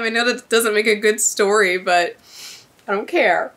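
A woman's voice: medium pitch, moderate pace, fairly bright tone. A young woman hosting an anime reaction video, chatting casually and getting emotional, laughing often.

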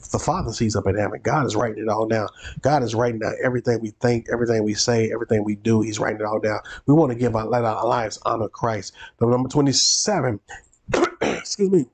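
A man's voice: lowish voice, fast. Man preaching a Bible study. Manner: repeats phrases for emphasis, preacherly. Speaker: pastor.

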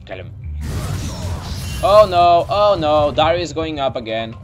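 High lively guy yelling n joking while he plays, music going behind him. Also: slow. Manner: shouty, swearing, jokey voices. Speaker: gamer. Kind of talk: excited gaming commentary.

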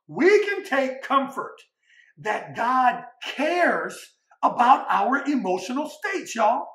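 A man preaching a sermon, emphatic and folksy, addressing the congregation directly and swinging between loud declarations and hushed asides. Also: very high-pitched, big pitch swings, takes it slowly, reverberant. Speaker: pastor.

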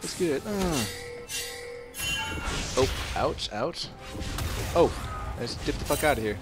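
A man giving live commentary while playing a video game, excitable and playful, trash-talking his opponents. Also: a little high, slow, pauses often. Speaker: gamer. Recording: game music loud under the voice. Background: game music.

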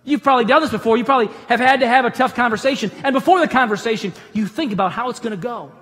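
A man, a pastor, giving a conversational sermon in a church auditorium with animated storytelling and humorous asides. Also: very high-pitched, very fast, big-room sound.

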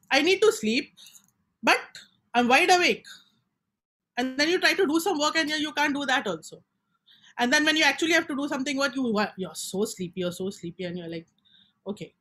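A woman's voice: a little high, a bit bright. A woman with an Indian English accent giving a casual spiritual talk, chatty and acting out people's inner voices. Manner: chatty, code-switching, acts out inner voices. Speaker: spiritual teacher.

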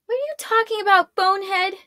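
A woman voicing a feisty young witch girl in a high, bright, indignant voice for a storybook read-aloud. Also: expressive, measured pace, dry recording, studio quality.

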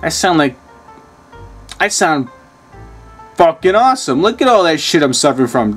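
A man's voice: a little high, sing-song, moderate pace, long pauses, fairly bright tone, husky, soft background music. A man casually commenting on a video game he plays, reading screen text aloud, muttering and swearing often. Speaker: gaming channel host.

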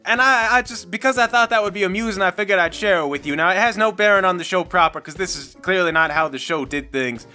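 A woman's voice: on the low side, quick pace, few pauses, sharp tone, faint music behind. A woman giving casual spoken commentary, rambling and sardonic as she spins a story. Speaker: video commentator.

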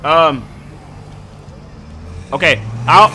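Man, gaming commentary, lively pitch, yells a lot, noisy game sound behind, home setup. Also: normal speed. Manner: excitable, yells and talks to game characters. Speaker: gaming YouTuber. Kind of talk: let's play commentary. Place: home room.

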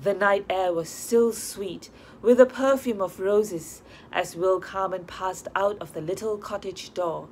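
A woman narrates a classic short story at a middle pitch, measured and expressive. Her reading is steady and clear. Faint noise hums behind the recording. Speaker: audiobook narrator.

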